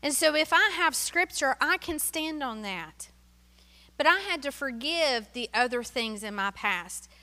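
A middle-aged woman from Tennessee giving an animated, emotional sermon-style testimony that drops to hushed asides. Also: sits high, unhurried, long reverb tail.

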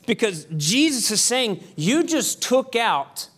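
A man preaching a sermon as pastor, conversational with quick asides and emphatic repetition. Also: very high voice, sing-song, a bit bright.

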